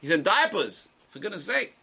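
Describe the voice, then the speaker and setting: An older man teaching a religious class, lecturing a small group in an animated way with restarts and asides. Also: sits high, moderate pace, gravelly, slightly rough.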